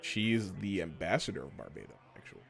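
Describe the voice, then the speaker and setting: A man's voice: deep voice, fairly quick, creaky. A man casually chatting and joking while playing a football video game on stream. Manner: rambling, jokey, swings to excited yelps at plays. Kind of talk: casual gameplay commentary.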